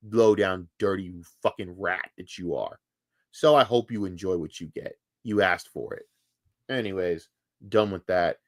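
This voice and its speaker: A man with a lowish voice rants furiously on a live stream, cursing hard and repeating himself as he gets worked up. The audio is studio quality with no echo.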